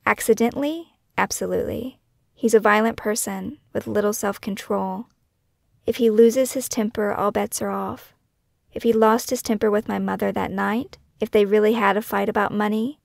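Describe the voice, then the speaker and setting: A woman narrating her own scripted true-crime podcast in a measured, questioning, somber way. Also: medium pitch, creaky, a little mellow, dry recording, studio quality.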